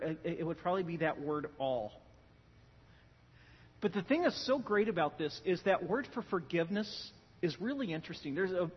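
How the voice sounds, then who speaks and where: A fairly high, husky male voice preaching in a big reverberant church hall. He is animated, swinging between loud, punchy emphasis and hushed lines, and the recording sounds muffled and lo-fi. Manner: animated, joking storyteller who swings from loud emphasis to quiet. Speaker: pastor. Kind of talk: sermon.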